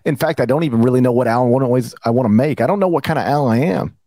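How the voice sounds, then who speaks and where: A middle-aged man co-hosting a sports podcast, talking in a playful, rambling, animated way. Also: mid-range voice, quick pace, dry recording. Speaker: podcast co-host. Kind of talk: casual sports podcast banter.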